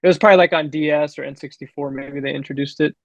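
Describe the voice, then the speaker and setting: A man's voice: on the high side, fairly even intonation, fast, gravelly, no echo, lo-fi sound. A laid-back man co-hosting a casual movie chat, dropping "dude" often. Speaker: podcast co-host.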